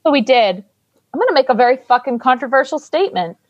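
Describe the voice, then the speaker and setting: A woman's voice: high voice, animated, fast, no room sound, dull audio. A woman co-hosting a casual podcast, chatting and recapping a film in an irreverent, swearing, offhand way. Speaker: podcast co-host.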